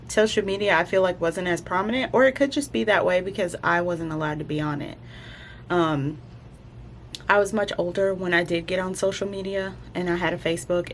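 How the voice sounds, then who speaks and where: A woman's voice: lowish voice, a little hiss or hum. A young adult woman in casual, reflective talk, hesitant and full of fillers and restarts.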